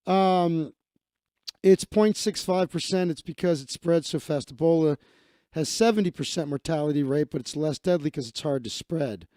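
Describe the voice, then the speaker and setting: A man's voice: a little high, mellow, dry recording, clean studio sound. A man hosting a casual livestream, chatting in a rambling, profane and offhand way as he reads through his social feed. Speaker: livestream host.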